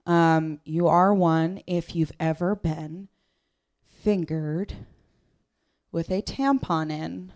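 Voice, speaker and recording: A woman comic doing a stand-up set with a dry, deadpan, self-mocking delivery, on a live comedy stage into a handheld mic. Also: fairly low pitch, slow pace, long pauses.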